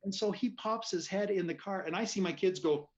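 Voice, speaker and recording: Animated storytelling man, dull lo-fi sound. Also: sits high, a little fast. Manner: animated storyteller who laughs often. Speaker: physician guest. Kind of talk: casual storytelling.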